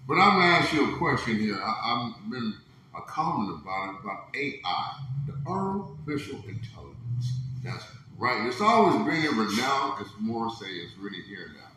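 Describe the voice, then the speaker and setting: A man's voice: mid-range voice, big pitch swings, moderate pace, pushed and bright. A man hosting a casual chat, laid-back and laughing easily as he talks. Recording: very echoey room with faint noise.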